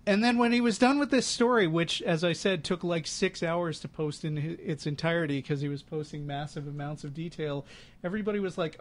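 A man with a fairly high-pitched voice co-hosts a podcast in easy, casual chat. He tells a story like a chatty storyteller and drops amused, sarcastic asides. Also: fairly quick. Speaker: podcast co-host.

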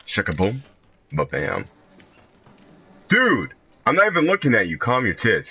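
Gaming host, male, forceful voice with wildly swinging pitch, jumpy and profane, self-mocking. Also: wildly swooping pitch, unhurried, pauses often, husky. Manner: jumpy, shrieks high when startled. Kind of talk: let's play commentary.

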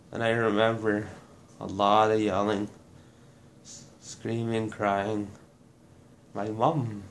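Low-voiced man recounting, halting and blunt. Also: slight background noise. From Manitoba, Canada. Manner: halting, restarting, blunt with swearing. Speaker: burn survivor telling his story. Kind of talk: personal testimony to camera.

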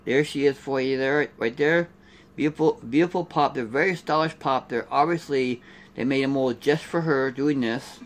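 Unboxing collectible figures in a relaxed review, this middle-aged man from Canada has a voice on the high side. His talk wanders, peppered constantly with "there" and "here".

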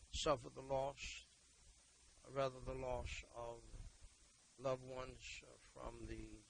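Man, preacher, gravelly and mid-pitched, preaches in loud bursts and quiet stretches. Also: a little hiss or hum, poor audio. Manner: emphatic, repeats words, swings between loud exhortation and quiet talk. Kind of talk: sermon and prayer.

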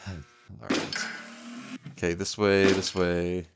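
Over loud music, a young gaming YouTuber speaks extremely slowly in a deep voice. His casual commentary has him talking to the game and yelping and laughing excitably at what goes on.

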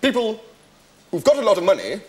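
Posh English art critic, deadpan and literal, high and swooping, faint room noise. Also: male voice, fairly quick. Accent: upper-class English. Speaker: sketch actor. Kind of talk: sketch comedy. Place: television studio with audience.

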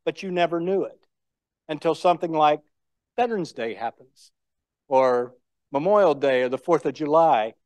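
A man's voice: fairly high pitch, normal speed, long pauses, a little mellow, dry recording. An older man giving a speech, telling war stories in a folksy, anecdotal way. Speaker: guest speaker. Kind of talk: storytelling speech.

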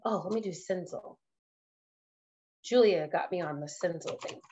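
A woman trainer hosting a casual live tutorial, chatting excitedly and laughing at herself as she works. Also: on the low side, normal speed. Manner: excitable, giggly, self-amused chatter.

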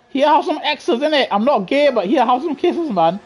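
Very high-pitched and very animated, the young English streamer keeps a normal speed with few pauses and a slightly mellow sound. Laughing often and full of slang, he teases his lobby while streaming live racing gameplay.

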